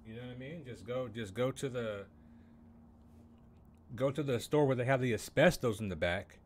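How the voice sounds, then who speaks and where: A young man rants on his game stream, swearing often and sounding openly incredulous. His voice sits at a middling pitch, with a faint background hiss. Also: moderate pace. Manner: incredulous, profane, heavy on "bro". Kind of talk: casual live-stream ranting.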